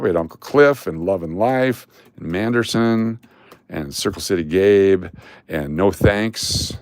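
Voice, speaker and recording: A man's voice: fairly low pitch, darkish tone, dry recording. A man hosting a casual live stream, rambling along and breaking into sudden exasperated rants.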